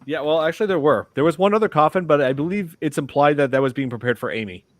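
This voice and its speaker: Male podcast co-host, mid-pitched, loose rambling delivery, dry close-miked sound. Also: fast talker, no echo. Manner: rambling, many restarts and fillers. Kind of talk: casual chat about a film.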